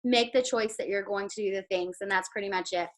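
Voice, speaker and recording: A woman's voice: medium pitch, brisk, rough recording. A woman giving a chatty motivational pep talk over a video call, full of "like" and "guys". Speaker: team leader giving sales tips.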